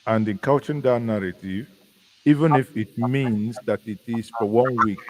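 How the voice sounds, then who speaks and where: A man from Nigeria with a Nigerian accent, chatting as a guest commentator in a casual live discussion, musing and halting with many restarts. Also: medium pitch. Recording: faint background noise.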